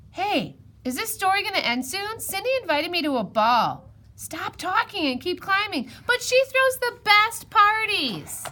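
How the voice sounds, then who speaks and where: Woman doing a whiny boy, high pitch, lively pitch swings, bright tone. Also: heavily acted. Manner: squeaky, pleading, argues back. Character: cheeky boy Jack, whiny and talkative.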